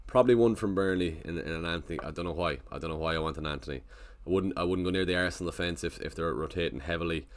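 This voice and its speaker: A man's voice: low-pitched, very fast, few pauses. A man casually chatting on a live stream, thinking aloud and greeting viewers in the chat. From Ireland.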